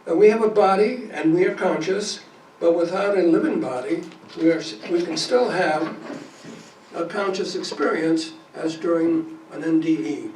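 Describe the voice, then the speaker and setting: A man presenting to a support group, his fairly high voice carrying from a distance across an echoey meeting room. He reads passages aloud and catches his own small slips. A faint hiss of noise sits under the recording. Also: moderate pace, darkish tone. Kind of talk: talk reading quotes to a group.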